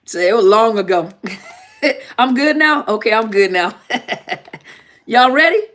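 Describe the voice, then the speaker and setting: A woman's voice: fairly high pitch, expressive, slow, pauses often, fairly bright tone. A woman therapist hosting a live-stream Q&A in a casual, joking tone, often repeating herself and laughing. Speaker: therapist and channel host.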